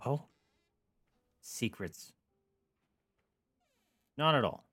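A male streamer commenting live on his gameplay, full of joking asides. His pitch jumps lively up and down as he reacts. The sound is close and dry, from a desk mic. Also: extremely slow, no echo.

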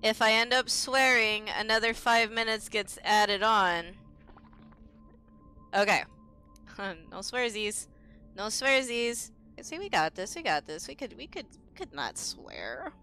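A high-pitched, bright woman streaming a game, talking at an unhurried pace. She giggles a lot and playfully dodges swearing with goofy substitute words. Casual, chatty streamer talk. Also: lively intonation, clear, resonant tone, soft background music. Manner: giggly, playfully self-censoring with silly stand-in words. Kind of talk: casual gameplay chat.

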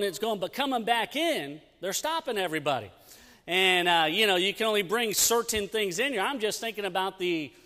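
A middle-aged man, a youth pastor, telling an animated story in a sermon with lots of restarts, on a pulpit mic in a church sanctuary. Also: high voice. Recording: long church hall reverb.

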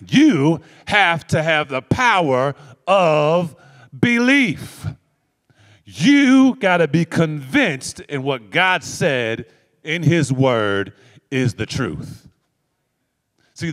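Slow, lively preaching pastor in echoing hall. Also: male voice, fairly high pitch. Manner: call-and-response preaching, repeats phrases for emphasis. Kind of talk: sermon. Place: church sanctuary. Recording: long church hall reverb.

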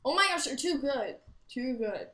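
A woman chatting and rambling through gameplay commentary, giggling and breaking into loud exclamations. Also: sits high, animated, moderate pace. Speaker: gaming channel host. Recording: roomy echo.

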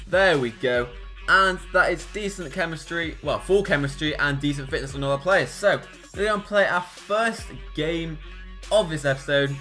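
With a fairly high-pitched voice, a young man who makes gaming videos on YouTube narrates his own football video game matches live. He's excitable, swinging from groaning to shouting.

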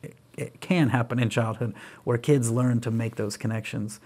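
A man's voice: mid-range voice, moderate pace, slightly rough. A middle-aged man speaking as a podcast guest, telling parenting stories and acting out what he says to his kids. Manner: animated, acts out quoted dialogue with his kids. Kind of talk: conversational storytelling.

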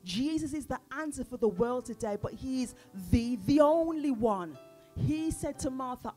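A woman's voice: high-pitched, expressive, measured pace, warm tone, soft background music. A woman preaching a sermon at a church service, often putting questions to the congregation.

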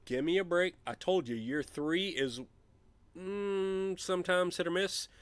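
Excitable man streaming a sports game. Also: high-pitched, measured pace. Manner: excitable trash talk, shouting at big wins. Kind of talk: let's play commentary.

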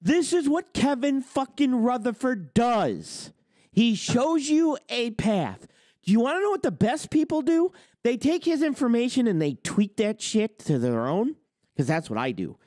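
Brief: forties male host, fired-up profane rant, pitch swinging wildly up and down, boastful and blunt, tight dry sound. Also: very animated, measured pace, a little mellow, dry recording. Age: 40s. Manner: blunt, boastful, swears constantly.

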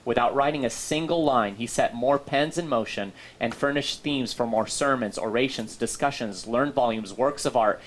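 A man's voice: medium pitch, normal speed, hardly any pauses, slight background noise. A man co-hosting a casual talk show, chatty and upbeat with plenty of fillers. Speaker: co-host.

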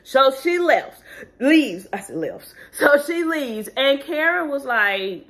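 A woman's voice: high voice, takes it slowly. A woman giving casual, sassy commentary as a reality TV recap vlogger, talking animatedly. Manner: sassy, animated, does voices when quoting people.

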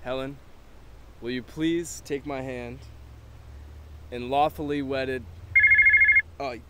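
Earnest young man in a sketch, mid-pitched voice, clear noise behind him. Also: fairly even intonation, takes it slowly, darkish tone. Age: young adult. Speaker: sketch performer playing a would-be fiancé. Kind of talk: sketch comedy acting.

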